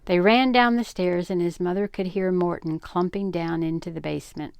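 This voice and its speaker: Older lady reading a kids story, gravelly but smooth voice, dry close sound. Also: lowish voice, no room sound. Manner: calm, measured narration. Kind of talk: reading a children's book aloud.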